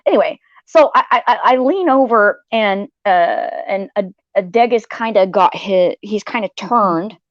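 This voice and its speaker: A woman's voice: medium pitch, lively intonation, a little slow, hardly any pauses, no room sound, muffled recording. Rambling, cursing woman telling a story. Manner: rambling, profane, restarts often, acts out quotes. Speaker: host. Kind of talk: casual chat, telling a dream story.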